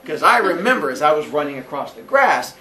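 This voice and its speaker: A man in his forties telling a childhood story casually, animated and laughing often, acting out quotes in a high voice. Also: fairly quick, far from the mic, slight background noise. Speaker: podcast host.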